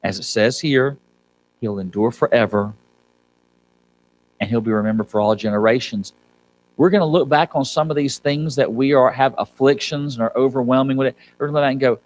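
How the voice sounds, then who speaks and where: A man's voice: mid-range voice, a little fast, no room sound, low-quality recording. A man preaching a sermon as pastor, pleading with the congregation and rising to urgent appeals. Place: church sanctuary.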